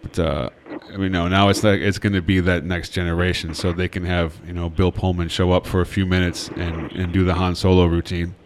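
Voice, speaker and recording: Deep voiced guy on a podcast, rambles with lots of uh and you know. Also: little pitch movement, fairly quick, few pauses, background noise. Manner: rambling, lots of fillers and restarts. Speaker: podcast co-host. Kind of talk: casual chat.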